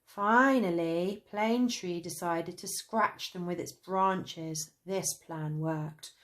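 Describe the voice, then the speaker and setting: A woman with a British accent narrating a children's story, gentle and even. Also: fairly low pitch. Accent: British English. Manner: slow, gentle, lively voices.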